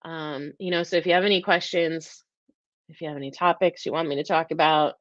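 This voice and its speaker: A woman hosts a live-stream talk in a fairly low voice, earnest and openly emotional, rambling through restarts. The sound is dry and a bit dull, like a lo-fi webcam mic. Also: fairly even intonation, fairly quick, a bit bright, no echo. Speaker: host.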